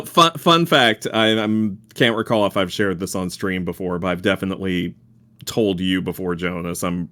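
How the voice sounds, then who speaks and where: A man's voice: low voice, fairly bright tone. A young man streaming a game, chatting casually in a playful, giggly, self-mocking way.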